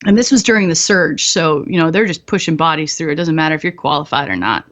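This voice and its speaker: A woman's voice: low voice, expressive, quick pace, highs cut off. A woman guest on a podcast, telling stories in a candid, profane way and laughing often. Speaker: podcast guest, military veteran. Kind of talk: casual storytelling.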